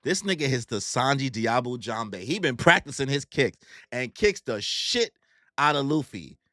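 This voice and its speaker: Slangy guy doing live manga reaction, bouncy pitch, swears a lot, dry close mic. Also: big pitch swings, moderate pace, pushed and bright, dry recording.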